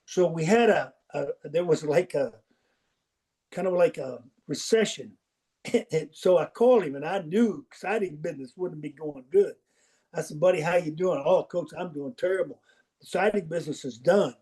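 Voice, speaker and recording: A man's voice: on the high side, moderate pace, dark tone. An older man, a football coach as podcast guest, telling folksy anecdotes and acting out the dialogue in them. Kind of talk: storytelling interview.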